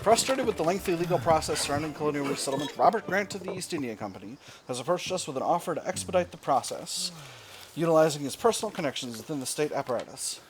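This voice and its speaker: A man's voice: a little high, expressive, fast, a crowd in the background, pitched above the performer's own voice, natural voice. A man voicing a pompous British event narrator in a put-on British accent, declaiming game text. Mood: formal.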